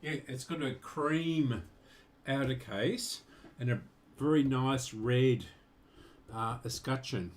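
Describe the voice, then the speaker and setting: A man's voice: medium pitch, takes it slowly, pauses often, a little hiss or hum. A man casually showing off his vintage radios, rambling with fillers and asides. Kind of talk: casual show-and-tell vlog.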